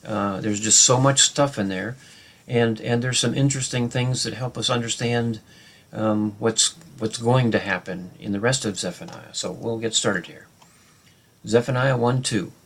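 A man's voice: medium pitch, fairly even intonation, normal speed, a bit bright. A man teaching a verse-by-verse Bible study, talking unscripted with many fillers and restarts, explaining Hebrew grammar and reading scripture aloud.

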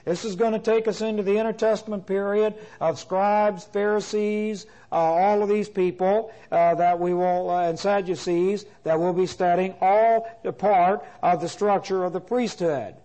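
A man teaching a Bible class in a lecture style, deliberate, restating his points with frequent "uh" fillers. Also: sits high, fairly even intonation, dark tone, rough recording.

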